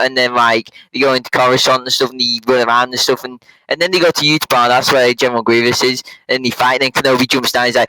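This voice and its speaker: Bright-voiced young man rambling through a recap. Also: mid-range voice, little pitch movement, no room sound, poor audio. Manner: casual slangy, quick quoted voices, many fillers. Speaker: host. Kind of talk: rambling comedic movie recap.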